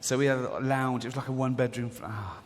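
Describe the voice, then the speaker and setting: A man's voice: mid-range voice, fairly even intonation, fast, slight background noise. A man doing a stand-up routine, telling stories in a chatty way and slipping into other people's voices. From England. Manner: conversational storytelling, acts out characters. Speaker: stand-up comedian. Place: large theatre on stage. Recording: live theatre reverb, faint crowd ambience.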